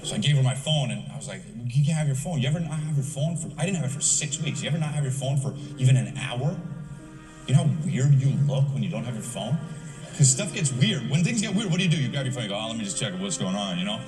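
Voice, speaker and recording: A man's voice: medium pitch, expressive, fast, darkish tone. A man doing stand-up, telling a confessional story with crude words and acted-out dialogue. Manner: profane, confessional, acts out dialogue. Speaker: stand-up comedian. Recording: roomy hall sound from far off with music.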